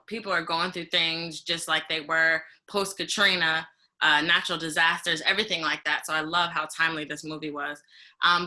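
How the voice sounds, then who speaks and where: A woman interviewer asking questions warmly and enthusiastically. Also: deep voice. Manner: enthusiastic, affirming.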